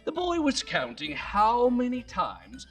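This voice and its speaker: A woman telling a bedtime story slowly and expressively. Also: on the high side. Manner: slow, very expressive, hushed at times. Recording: distant mic, soft music behind.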